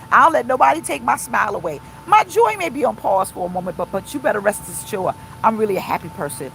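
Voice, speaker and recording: A woman's voice: on the high side, vocal fry, fairly bright tone, a little hiss or hum, poor audio. A woman pastor preaching an informal livestream sermon, emphatic and repeating her points to viewers. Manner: emphatic, repeats phrases, talks to live viewers.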